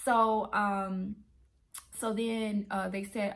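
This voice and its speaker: A woman telling a true travel story in a casual, animated way, acting out her own reactions. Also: mid-range voice, normal speed, vocal fry, slight background noise. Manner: animated, excitable retelling. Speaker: travel vlogger.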